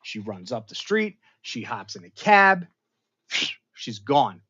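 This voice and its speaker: A man hosting a casual pop culture show, retelling a TV episode in an animated, rambling way with big jumps in pitch and loudness. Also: slow, highs cut off. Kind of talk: casual episode recap livestream.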